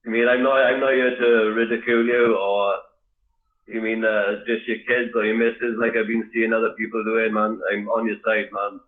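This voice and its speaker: A man calling into a live stream who talks in a halting, mumbled way that is hard to make out. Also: fairly low pitch, little pitch movement. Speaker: caller. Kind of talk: casual call-in chat. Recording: tinny echoey phone line.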